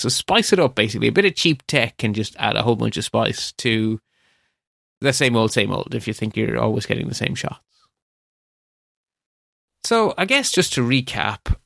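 Gravelly, chatty male podcast host. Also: mid-range voice, a bit bright, no echo, clean studio sound. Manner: rambling, chatty, with frequent ums and asides. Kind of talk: casual solo podcast monologue.

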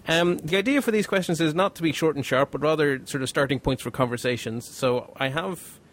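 A man's voice: fairly high pitch, a little fast, fairly bright tone. A man hosting a casual panel podcast, chatty and a bit rambling as he introduces guests and explains things. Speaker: podcast host.

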